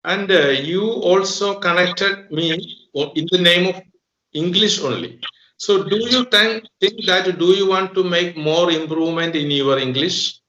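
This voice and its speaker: Bright-voiced man asking interview questions. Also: high voice, echoey room, muffled recording. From Kerala, India. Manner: measured, formal questioning. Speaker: host, interviewer.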